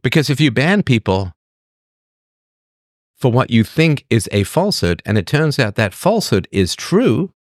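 A livestream host, this man reads through chat messages at a moderate pace, offering opinions and repeating his points as rhetorical questions. His delivery is animated with lively pitch swings, and the recording is dry and studio quality.

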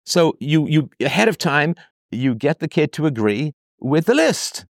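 Very animated yet unhurried, a host with a voice on the high side reads a parent's letter and argues against it. Rhetorical questions and mocking impressions of the quoted voices drive his commentary, which is recorded dry with clean studio sound.

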